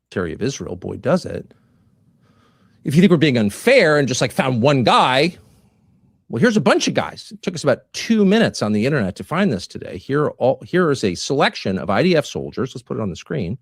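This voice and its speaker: A man delivering political commentary in a measured, deliberate way, building his points with rhetorical questions. His pitch sits in a middle register but moves around a lot. The recording is dry and close. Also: big pitch swings, creaky, no echo. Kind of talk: played commentary clip.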